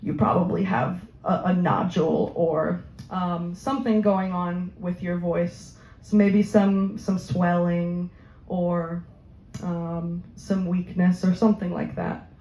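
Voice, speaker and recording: A woman giving an informal question-and-answer talk on voice health, chatty and quick to laugh, with many ums. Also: on the low side, level tone, warm tone. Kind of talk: informal Q&A presentation. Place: community room at a senior living center. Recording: echoey, slightly dull room recording.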